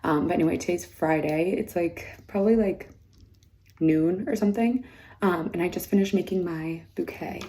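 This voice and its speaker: Hoarse, chatty woman vlogging, mellow low voice. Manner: rambling, with many fillers and "like"s. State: hoarse, losing her voice. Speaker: bride vlogging her wedding week. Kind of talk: casual chatty vlog. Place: mud room indoors.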